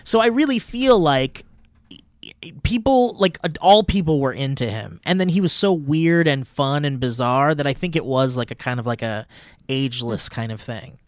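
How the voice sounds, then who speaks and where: A man hosting a podcast in casual chat, excitable, swearing freely and laughing often. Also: medium pitch, normal speed, no echo, studio quality. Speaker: podcast host.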